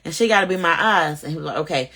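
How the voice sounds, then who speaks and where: A woman tells her own story straight to a phone camera at home. Her voice is bright and pushes forward, sitting a little low. She acts out everyone she quotes and climbs high when the story gets tense. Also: lively intonation, racing. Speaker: mother of five telling her life story. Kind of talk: casual storytelling vlog.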